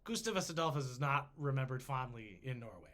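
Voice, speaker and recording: Man, animated history storyteller, lively pitch, bright tone, jokey. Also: fairly quick. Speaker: podcast host. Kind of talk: casual history podcast chat.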